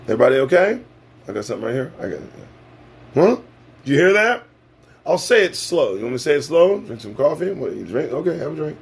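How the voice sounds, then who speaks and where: Husky, lively-voiced man hosting a stream. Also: on the high side, fast talker. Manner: profane, sarcastic, preachy. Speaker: livestream show host. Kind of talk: casual live-stream monologue.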